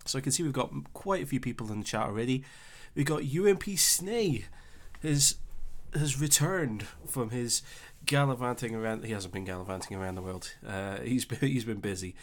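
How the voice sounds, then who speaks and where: A young man with a Scottish accent hosting a casual live stream, chatting easily and reading out viewer comments with relaxed filler pauses. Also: medium pitch. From Scotland. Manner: chatty and easygoing, thinking aloud with filler pauses.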